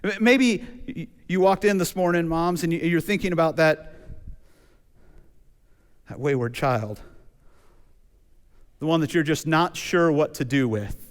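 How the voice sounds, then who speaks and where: A man preaching a sermon in a relaxed, conversational way, telling stories and acting out quotes. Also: fairly high pitch. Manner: conversational, animated storytelling with acted quotes. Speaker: pastor. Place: church sanctuary. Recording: church hall reverb.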